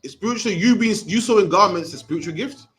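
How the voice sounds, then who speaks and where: Fast-talking Birmingham man teaching scripture. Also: high-pitched, fairly bright tone. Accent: Birmingham English. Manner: fast, streetwise, ends phrases with "man". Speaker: religious class teacher. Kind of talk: scripture breakdown class.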